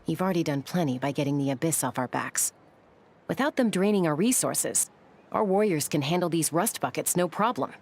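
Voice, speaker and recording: A woman voicing a confident young woman warrior leader in a game, speaking briskly and with self-assurance. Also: low voice, lively intonation, a little mellow. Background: game music.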